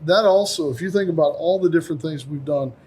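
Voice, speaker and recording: Man with a higher voice, animated storytelling. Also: fast talker, slightly rough. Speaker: company CEO and podcast host. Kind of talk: casual podcast chat.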